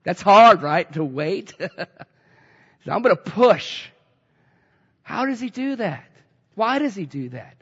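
A high-pitched man delivers an earnest, conversational sermon, often circling back and restarting his phrases. His voice carries a long reverb through the hall. The recording sounds slightly muffled. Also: very animated, slow pace, long pauses, breathy edge. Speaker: pastor.

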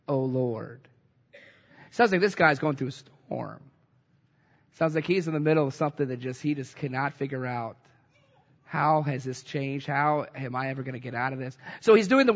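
A high-pitched man delivers an earnest, conversational sermon, often circling back and restarting his phrases. His voice carries a long reverb through the hall. The recording sounds slightly muffled. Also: bright, forceful tone. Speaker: pastor.

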